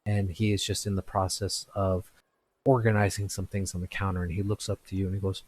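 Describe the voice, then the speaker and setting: A man narrating a tabletop game as game master, describing scenes in a halting, descriptive way. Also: sits low, level tone, a little mellow, slightly rough, no room sound.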